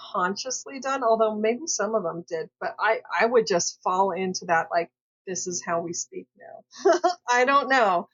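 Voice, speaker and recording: Woman vlogger, casual hesitant storytelling, mid-pitched, dull lo-fi recording. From Southern California. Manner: rambling, hesitant, full of fillers and self-corrections.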